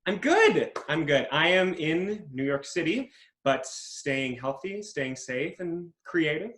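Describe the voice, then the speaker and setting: A man's voice: fairly high pitch, slow. Jokey male actor in an echoey room. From Minnesota, USA. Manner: animated, jokey storytelling. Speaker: guest actor. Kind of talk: casual interview. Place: home in New York City.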